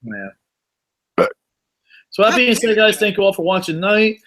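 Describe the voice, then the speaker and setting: Podcast host guy, bright lively voice, jokey and laughing, swears a bunch. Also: sits high, unhurried. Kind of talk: casual podcast chat.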